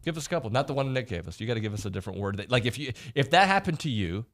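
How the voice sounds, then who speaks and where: A man hosting a sports talk radio show, teasing his guest with quick questions. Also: mid-range voice, sing-song, fairly bright tone, soft background music. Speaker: radio host. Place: radio studio.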